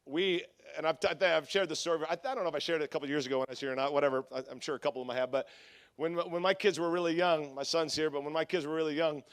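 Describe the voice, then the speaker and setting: With a fairly high, fairly bright and clean voice, this Southern California pastor in middle age speaks as a guest at a conference. His sermon runs on funny, self-mocking stories, often restarting sentences and wandering into asides.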